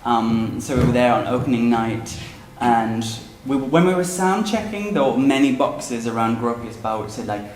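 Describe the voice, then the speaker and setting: A man's voice: medium pitch, animated, moderate pace, few pauses, darkish tone, slight background noise. A man in his thirties, an author, talks chattily and theatrically and laughs often during a book launch interview on stage. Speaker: author guest. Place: event venue before an audience. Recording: roomy hall.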